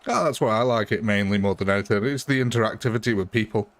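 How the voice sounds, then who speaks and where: A man's voice: fairly low pitch, fast. Chatty man live-streaming a game. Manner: chatty, thanks viewers, laughs often. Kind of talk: casual live-stream chat.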